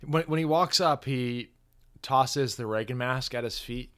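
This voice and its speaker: A man co-hosting a casual movie review podcast, retelling scenes and quoting characters in a relaxed drawl. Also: medium pitch, measured pace. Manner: chatty, quotes characters in a laid-back voice. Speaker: podcast co-host.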